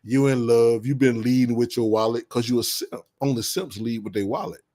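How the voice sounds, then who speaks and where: Man, mid pitch, blunt preachy vlogger who repeats his points. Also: fairly quick, warm tone. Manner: blunt, preachy, heavy slang, repeats insults with bursts of laughter. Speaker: commentary vlogger. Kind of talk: casual advice monologue.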